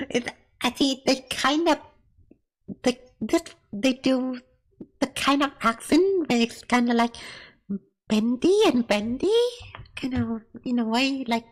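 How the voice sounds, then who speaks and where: A woman's voice: sits high, slow, poor audio. Chatty woman streamer. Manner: chatty, repeats "not gonna lie", laughs often. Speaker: streamer reviewing episodes. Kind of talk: casual live-stream chat.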